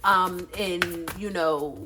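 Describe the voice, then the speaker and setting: Woman tarot reader for a casual reading, lowish voice, blunt and profane, phone mic with audible noise and clicks behind her. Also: fairly even intonation, extremely slow. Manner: chatty, blunt and profane, with loose slangy talk. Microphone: phone, face off camera.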